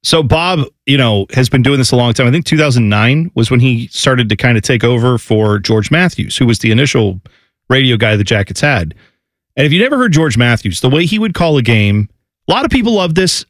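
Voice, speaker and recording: A man hosting a sports talk show, opinionated and animated, sometimes slipping into exaggerated impressions. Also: mid-range voice, dry recording. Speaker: sports radio host.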